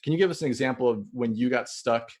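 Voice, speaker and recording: A man of middle pitch asks a question over a video call, speaking earnestly and in a friendly way. His tone stays casual, like a viewer chatting with a host. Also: fast, a little mellow. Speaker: caller on a live Q&A.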